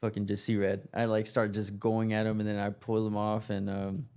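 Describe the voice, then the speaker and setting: Podcast guest, man, low voice, relaxed slangy chatter. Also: normal speed, smooth. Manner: laid-back, slangy, says bro a lot. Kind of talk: casual chat.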